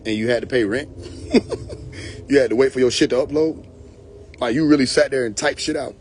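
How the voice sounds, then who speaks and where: A man's voice: medium pitch, normal speed, pauses often, a little mellow, a little hiss or hum. A young man hosting a casual live stream, mocking and profane, often breaking into laughter.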